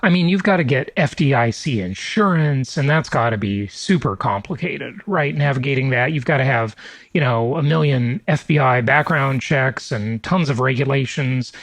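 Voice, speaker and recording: A man's voice: medium pitch, normal speed, no room sound, rough recording. A man hosting a podcast interview, asking chatty questions and laughing easily. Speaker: podcast host.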